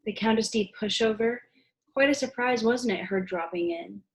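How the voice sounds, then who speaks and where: A woman's voice: fairly high pitch, moderate pace, close to an everyday voice. A young woman playing a wry, patient secretary in a school play over a video call, with dry delivery. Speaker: student actor.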